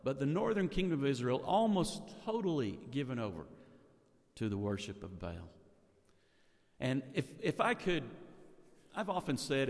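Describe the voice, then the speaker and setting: Brief: male preacher, storytelling sermon with rhetorical questions, mid pitch, long hall echo.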